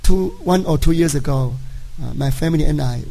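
A middle-aged man with a gravelly, mellow voice tells a personal testimony to his church. He is a native Chinese speaker and talks in a halting way, often pausing and checking with his listeners. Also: fairly high pitch, slight background noise, low-quality recording. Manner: halting, frequent "right?" tag questions. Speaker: church member giving a testimony.

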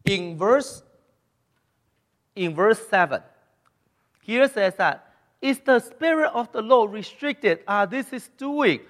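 A man delivers a lively sermon, his voice sitting high for a man. He speaks with non-native grammar and acts out the voices of the people he quotes. The recording carries a long reverb from a church hall. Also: slow, pauses often. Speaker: preacher.

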